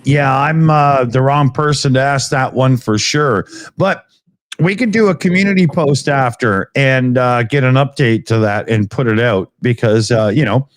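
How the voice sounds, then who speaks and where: A man hosting a casual livestream, reading viewer messages with many pauses and fillers. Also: medium pitch, no room sound, clean studio sound.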